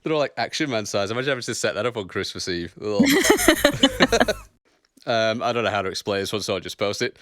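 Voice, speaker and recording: A podcast co-host in a casual chat, throwing in quick wisecracks and laughing often. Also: mid-range voice, big pitch swings, a bit bright, dry recording, studio quality.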